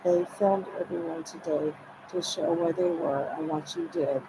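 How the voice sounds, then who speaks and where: A woman's voice: fairly low pitch, fairly even intonation, normal speed. A woman talking in a rambling, repetitive way, often relaying what others said to her. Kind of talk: rambling personal monologue. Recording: noisy ambient recording.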